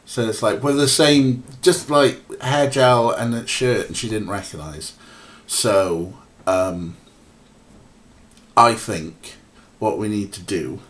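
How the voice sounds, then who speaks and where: A man's voice: fairly low pitch, slow, a bit bright. A man streaming a point-and-click game, talking casually and rambling with many fillers while chatting to viewers and his cats. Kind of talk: casual let's-play commentary.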